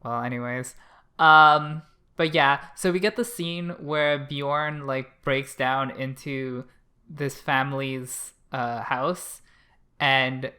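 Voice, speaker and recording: A podcast co-host talking about an anime episode in a casual, animated way, full of fillers and swearing. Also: medium pitch, slow. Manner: chatty, animated, many fillers and acted asides. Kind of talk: casual anime review chat.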